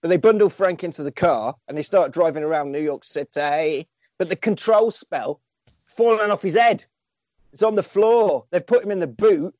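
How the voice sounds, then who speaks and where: A man's voice: sits high, moderate pace, a little mellow, no room sound. A man, animatedly recapping a film on a podcast and swearing casually. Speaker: podcast host. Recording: dull lo-fi dry sound.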